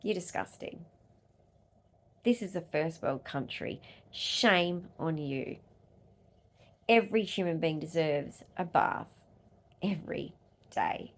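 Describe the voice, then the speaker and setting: A woman's voice: expressive, takes it slowly, long pauses. Furious Australian woman ranting on camera. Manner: furious, swearing, swinging between loud outbursts and low muttering. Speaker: vlogger and disability advocate. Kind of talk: angry vlog rant.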